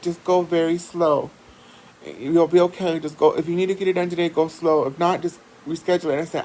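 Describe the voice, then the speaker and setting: A woman vlogger, telling a personal story in a chatty, animated way and swearing freely. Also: deep voice, a little fast, poor audio. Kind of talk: casual storytelling.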